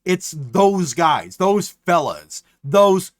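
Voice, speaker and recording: Animated profane male streamer. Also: high voice, extremely slow. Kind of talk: casual live-stream chat.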